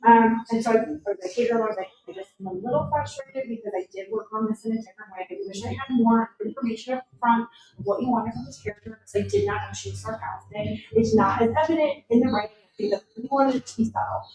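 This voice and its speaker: A woman's voice: on the high side, fast. A woman, an actress and teacher, chatting casually and acting out quoted dialogue as she tells an anecdote. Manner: animated, acts out quoted dialogue. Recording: echoey room, far from the mic.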